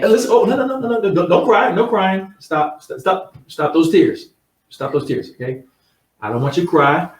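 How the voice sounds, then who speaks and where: A father rounding up his wife and kids at dinner, coaxing and rambling, calmly announcing that he plans to die, as a man acts him out. The voice sits at a middle pitch and sounds roomy, as if the mic were some distance away. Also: lightly acted. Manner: coaxing, rambling family pep talk.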